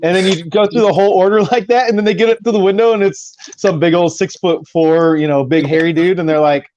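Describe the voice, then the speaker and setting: Host guy rambling about old stories, kinda high voice, muffled line w/ faint noise. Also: fairly even intonation, a little fast, darkish tone. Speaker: host trucker. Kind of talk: casual chat.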